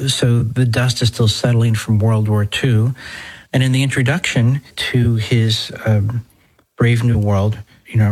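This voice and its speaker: A middle-aged Catholic priest hosting a talk show, speaking in a conversational, digressive way with folksy exclamations. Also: male voice, medium pitch, darkish tone, low-quality recording. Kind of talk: podcast talk.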